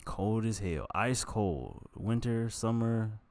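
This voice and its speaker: Low-voiced guy rambling on his vlog, blunt and sweary, pokes fun at himself. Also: expressive, takes it slowly, darkish tone, no room sound. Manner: candid, rambling, profane, self-mocking. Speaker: vlogger. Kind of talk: casual self-talk vlog.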